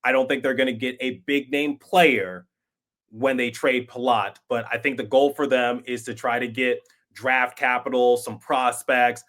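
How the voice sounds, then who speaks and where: A man's voice: medium pitch, steady tone, unhurried, a bit bright. A man hosting a sports podcast, giving conversational, emphatic opinion commentary with some repeated words. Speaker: podcast host.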